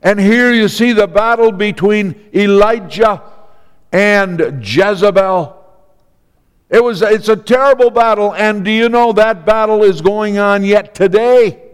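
A man delivers a sermon at an unhurried, deliberate pace, leaning on repeated phrases and dramatic pauses. His voice sits high and comes through smooth and resonant. It carries the long reverb of a hall. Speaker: preacher.

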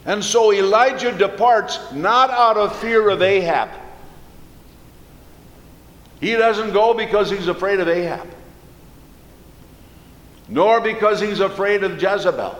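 A man preaching in a high voice, taking his time and repeating phrases for emphasis. His words ring through a large church hall with a long echo. His tone stays earnest throughout. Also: unhurried, a bit bright. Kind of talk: sermon. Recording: echoey hall with long reverb.

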